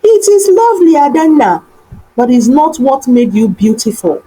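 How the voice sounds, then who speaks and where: A woman voicing a gentle young man suitor. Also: high voice, very animated, normal speed, slight background noise, poor audio. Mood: tender.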